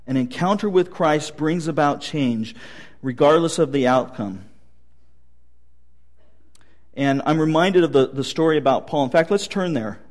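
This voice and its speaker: Higher-voiced pastor telling stories. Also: male voice, normal speed. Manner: storytelling with light humor. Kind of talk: sermon.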